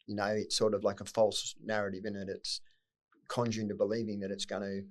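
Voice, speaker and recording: Middle-aged man, Australian accent, lowish voice, quick pace, blunt and swearing. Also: completely flat delivery. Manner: blunt, swears freely, emotional at times. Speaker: podcast guest. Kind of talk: candid personal storytelling.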